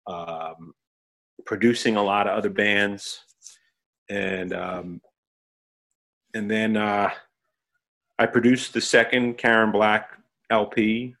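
A middle-aged man, a musician and producer, talking as a guest in a casual interview, halting with many fillers. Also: on the low side, fairly even intonation, a bit bright.

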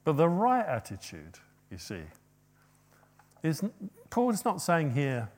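A man preaching a sermon, rising to loud, emphatic quoted passages and dropping to quiet asides. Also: on the high side, wildly swooping pitch, slow pace, long pauses.

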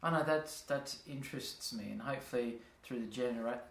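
Fairly quick and fairly bright in tone, a medium-pitched man hosts a podcast of casual chat. He rambles, laughs often, and does playful voices for examples, while the recording has a roomy echo.

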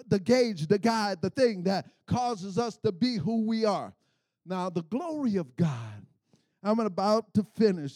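A high-pitched middle-aged male preacher delivers a sermon in a rising call-and-response style. He calls out to the congregation and swells into shouts at his peaks. The sound is close and dry, with no room echo.

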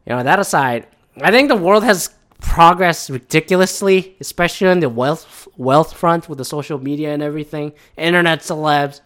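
A man's voice: on the high side, normal speed, a bit bright. Profane rambling man in his thirties. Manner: profane, rambling, goes off on tangents. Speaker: tech worker ranting on current events. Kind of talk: casual monologue rant.

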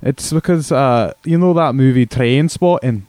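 A man's voice: mid-range voice, measured pace, dark tone, no room sound, natural voice. A man putting on a crude mock Scottish accent to play a blustering, rambling Scotsman calling into a podcast. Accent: Scottish, put on. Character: crude stereotypical Scotsman cousin, gruff. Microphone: phone call.

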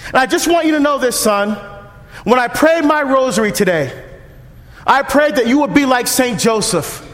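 A man's voice: very high-pitched, lively intonation, normal speed, fairly bright tone. A man voicing a sweet, earnest devout grandmother. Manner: sweet, earnest, slipping in prayers. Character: devout grandmother, middle-aged, gently pointed. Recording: echoey church hall, long reverb.

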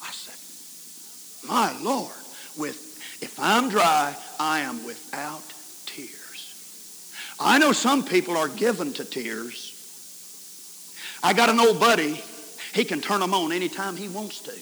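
Folksy preacher in a reverberant hall. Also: male voice, high voice, sing-song, unhurried. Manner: folksy storytelling, swings from shouts to hushed whispers. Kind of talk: camp meeting sermon. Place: camp meeting hall. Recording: hissy 1990s recording in a reverberant hall.

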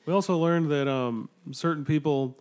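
A man's voice: a little high, moderate pace, darkish tone, clear, resonant tone. A young man co-hosting a casual podcast among friends, joking, laughing and swearing freely. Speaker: podcast co-host. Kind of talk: casual chat.

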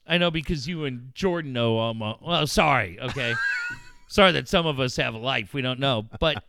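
A middle-aged man hosting a casual radio chat. He gets excited, swears freely and acts out quotes with big jumps in pitch. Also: normal speed, gravelly, no echo. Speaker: radio show host.

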